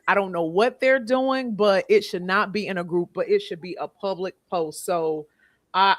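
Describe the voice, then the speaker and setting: A woman's voice: medium pitch, fairly bright tone, dry recording. A woman hosting a casual livestream podcast, reading viewer comments aloud and laughing often. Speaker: podcast host.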